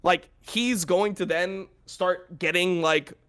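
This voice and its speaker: Young man, high-pitched voice, podcast host, blunt and profane, exasperated. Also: takes it slowly, a bit bright, clear, resonant tone. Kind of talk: casual podcast chat.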